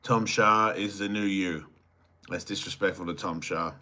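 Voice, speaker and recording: A man's voice: sits low, fairly even intonation, normal speed, sharp tone. A man hosting a solo livestream, reading viewer chats aloud and answering them with crude joking banter that sometimes trails off into mumbles. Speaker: podcast host.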